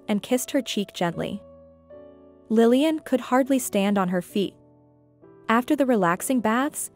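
A woman narrating a scripted story in an even, measured way. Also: a little high.

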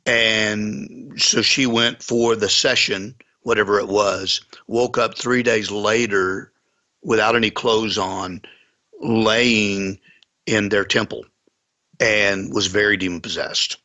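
A man's voice: fairly low pitch, steady tone, slow, pushed and bright, dull audio. A man, a pastor, earnestly telling a story in a conversation, with folksy sayings. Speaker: pastor and guest.

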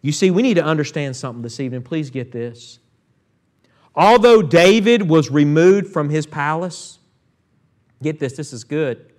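Pastor, male, slightly high voice, preaching a midweek sermon with calls to the church. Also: expressive, moderate pace. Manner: preaching with call-outs to the church and Scripture readings. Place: church sanctuary.

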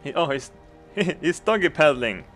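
A man giving crude, comedic game commentary, laughing and breaking into excited outbursts. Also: on the high side, a little slow, faint music behind. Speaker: gaming commentator.

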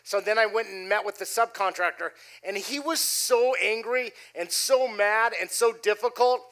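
A middle-aged man preaching a sermon, telling a personal story with animated delivery and dropping his voice low for quoted lines. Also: moderate pace. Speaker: pastor. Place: church stage before a congregation.

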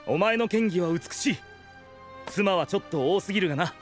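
A man voicing a fiery, passionate young swordsman in a Japanese anime, speaking with rapid, heartfelt delivery. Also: high voice, animated, faint music behind. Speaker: anime character in a Japanese dub. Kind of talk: anime voice acting.

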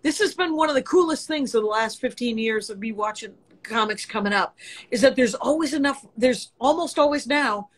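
A woman's voice: fairly high pitch, brisk. A middle-aged woman comedian hosting a casual podcast chat, rambling and profane. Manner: rambling, profane, laughs easily.

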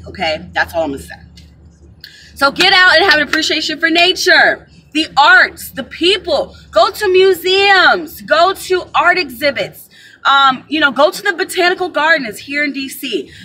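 A woman giving casual spiritual advice to her viewers, chatty and animated, calling them y'all, recorded on a camera mic. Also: a little high, slight background noise, low-quality recording. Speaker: spiritual advisor.

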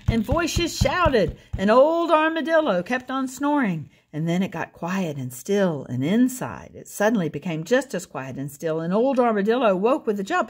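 A woman reading a picture book aloud, gentle and pointing out the pictures as she goes. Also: on the low side. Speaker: storyteller.

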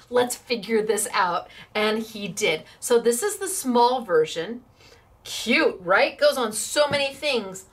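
A woman's voice: mid-range voice, moderate pace, slightly rough. A woman hosting a craft shop demo, chatting in a bubbly, gushing way and laughing often as she shows products. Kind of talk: live product demo chat.

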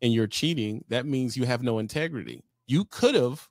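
A man's voice: mid-range voice, moderate pace, dry recording, clean studio sound. A man hosting a live talk stream, giving blunt, profane opinions in casual chat.

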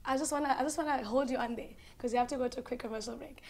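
Talk show host: woman, high voice, upbeat patter. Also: steady tone, racing.

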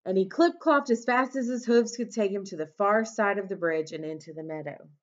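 A woman teacher reading a storybook aloud to children, expressive, pausing to ask them questions. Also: medium pitch. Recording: dull lo-fi recording.

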